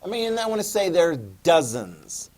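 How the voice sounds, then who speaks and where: A man's voice: high voice, big pitch swings, moderate pace, darkish tone. A man teaching a history class, chatty and quizzing his students as he goes. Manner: chatty, asks the class questions. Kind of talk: classroom lecture.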